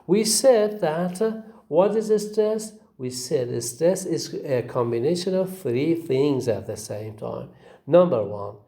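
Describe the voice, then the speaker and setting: Slow, lively-voiced male teacher. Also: a little high. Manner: slow, patient, repeats phrases and checks with "okay?". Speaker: English teacher. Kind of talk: recorded phonetics lecture.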